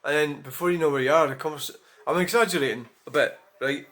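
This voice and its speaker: A man's voice: on the high side, quick pace, fairly bright tone. A man talking in a rambling, frank monologue, swearing freely and often restarting his sentences. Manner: rambling, frank, frequent swearing and self-corrections. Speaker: vlogger. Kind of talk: casual monologue.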